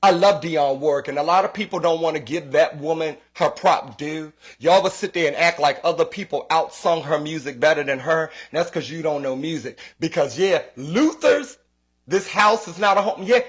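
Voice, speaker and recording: Man, high voice, comedian, casual rant, profane, repetitive, animated. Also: slightly rough. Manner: profane, animated, repeats himself.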